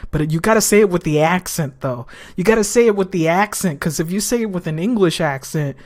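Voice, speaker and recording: A woman streaming a game live, chatting casually and profanely, teasing a friend, repeating herself for emphasis and breaking into loud laughter. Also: on the low side, lively intonation, a little fast.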